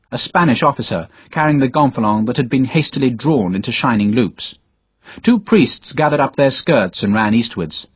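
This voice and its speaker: Male narrator, dramatic reading, expressive pitch, muffled dry lo-fi recording. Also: breathy edge, dry recording. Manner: dramatic storytelling, voices all characters. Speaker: audiobook narrator. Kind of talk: scripted narration. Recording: dull, dry lo-fi audiobook recording.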